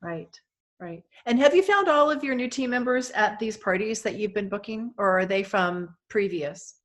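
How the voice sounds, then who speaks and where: A woman's voice: mid-range voice, lively intonation, normal speed. A woman leading a team meeting who encourages the speakers and repeats phrases she likes. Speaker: team leader hosting a meeting. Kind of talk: casual meeting chat.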